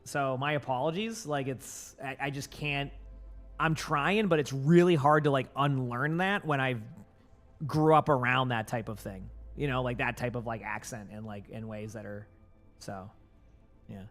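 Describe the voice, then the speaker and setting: A man's voice: medium pitch, moderate pace, a bit bright, faint music behind. A young man with a light Boston accent, a gaming streamer chatting casually with his viewers, rambling with lots of fillers and restarts. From Boston area.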